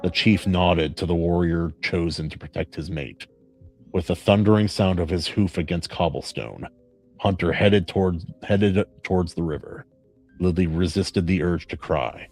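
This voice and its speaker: A man with a notably deep, low-pitched voice reads a story aloud at a measured, earnest pace. Between readings he chats casually and sincerely with his co-hosts. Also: soft background music. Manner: measured, earnest reading; warm praise in chat.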